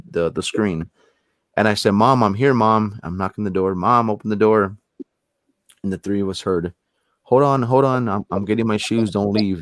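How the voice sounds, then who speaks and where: Low-voiced man telling a story, dry sound. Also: no echo. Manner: rambling, repeats words when building up a story. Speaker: paranormal investigator guest. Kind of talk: casual storytelling in conversation.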